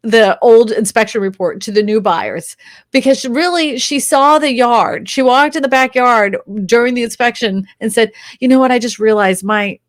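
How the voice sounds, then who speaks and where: A woman, a real estate agent, chatting as a guest, telling lively stories and laughing often. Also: fairly high pitch, no echo, studio quality. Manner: animated storyteller, laughs often, acts out quotes. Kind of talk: casual interview chat.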